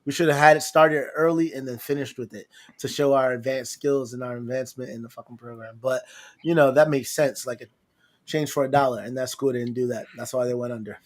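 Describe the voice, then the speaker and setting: A man co-hosting a podcast, telling loud, laughing stories to friends and swearing freely. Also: mid-range voice, fairly even intonation, brisk. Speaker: podcast co-host. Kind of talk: casual chat with friends.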